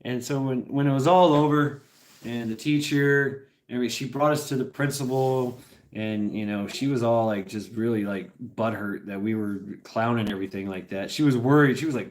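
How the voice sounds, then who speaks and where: A man's voice: mid-range voice, moderate pace. A middle-aged man talking loosely to his livestream audience. His speech wanders from thought to thought, and it is peppered with laughter and profanity. The delivery is casual and unpolished. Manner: rambling, profane, laughs often.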